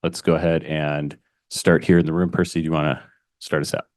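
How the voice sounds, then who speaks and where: A man moderating a press conference, brisk and businesslike. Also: a bass voice, little pitch movement, darkish tone, dry recording, studio quality.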